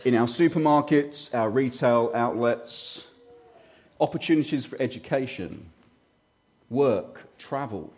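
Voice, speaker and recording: A man's voice: medium pitch, lively intonation, measured pace, darkish tone. A man in his fifties preaching a sermon with a slight frog in his throat, talking conversationally with hesitant fillers and self-deprecating asides. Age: 50s.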